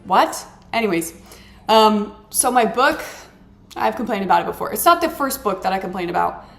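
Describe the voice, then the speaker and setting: A woman vlogger talks over her mobile game in a casual, rambling rant, full of exasperated sarcasm and dramatic complaints. Her mid-range voice has a gravelly, fry-edged texture. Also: medium pitch, expressive, moderate pace. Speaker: gaming vlogger. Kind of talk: casual ranting chat while playing a game.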